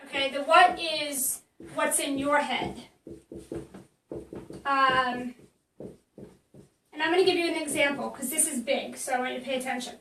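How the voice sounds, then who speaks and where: A woman's voice: high voice, steady tone, unhurried, pauses often, fairly bright tone, roomy sound, far from the mic, a little hiss or hum, poor audio. A woman marketing coach teaching in a casual live stream, chatty and blunt, with many fillers and restarts.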